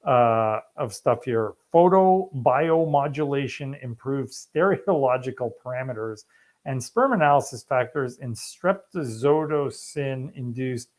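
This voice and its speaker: A man's voice: medium pitch, measured pace. A man who is a fertility specialist, answering viewer questions in a casual, joking live stream and reading study titles aloud.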